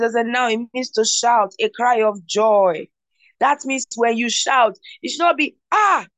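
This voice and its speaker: A woman preaching a devotional sermon, repeating declarations of victory and breaking into shouts of glory. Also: on the high side, no echo.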